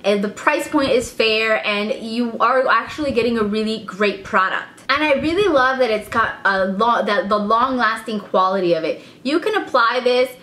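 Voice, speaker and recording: A woman's voice: on the high side, normal speed, few pauses, a bit bright. Upbeat woman reviewing lipsticks, roomy echo. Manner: chatty and enthusiastic. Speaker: beauty vlogger. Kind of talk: casual product review. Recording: echoey room.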